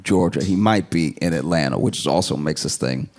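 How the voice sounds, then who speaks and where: A man's voice: rumbling low, moderate pace, darkish tone, a little hiss or hum. A man doing a stand-up comedy set, talking casually and rambling with many asides. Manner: conversational, rambling, with frequent asides.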